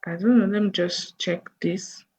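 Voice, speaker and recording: A woman teaching a coding lesson over a screen recording, thinking aloud slowly as she types. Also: mid-range voice, steady tone, warm tone, breathy edge. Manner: slow, thinking aloud while typing. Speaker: coding tutor.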